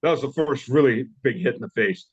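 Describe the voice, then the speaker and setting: A man in his fifties with a Southern US accent, a guest telling stories in an interview, blunt and wry, halting with many fillers and restarts. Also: medium pitch, husky. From southern United States. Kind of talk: casual interview storytelling. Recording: dull lo-fi audio.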